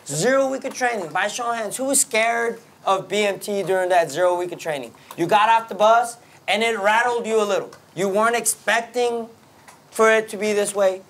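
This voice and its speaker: A man teaching a military classroom lesson, brisk and commanding, often checking in with the class. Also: high voice, fairly bright tone. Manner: brisk, commanding, keeps asking the class "right?". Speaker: military instructor. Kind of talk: classroom lecture.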